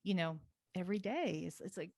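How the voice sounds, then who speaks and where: Dry, lively woman guest storyteller. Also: lowish voice, dry recording. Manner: animated, rapid, laughing storyteller. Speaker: podcast guest. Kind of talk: casual interview storytelling.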